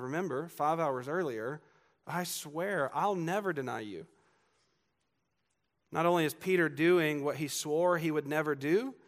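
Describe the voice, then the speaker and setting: A man preaching a sermon from Georgia with a faint Southern accent, earnest and emphatic, building on repeated lines and turning to the congregation with asides. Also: on the high side. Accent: Southern US, faded. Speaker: pastor. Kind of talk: expository sermon.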